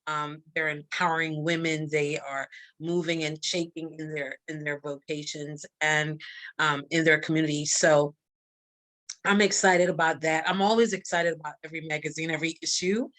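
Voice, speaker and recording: A woman with a Barbadian accent appears as a guest on a live interview; she is a magazine publisher and coach. Her voice sits low with little pitch movement and a slightly bright quality, at a moderate pace. She speaks emphatically, repeating her key lines the way a preacher would.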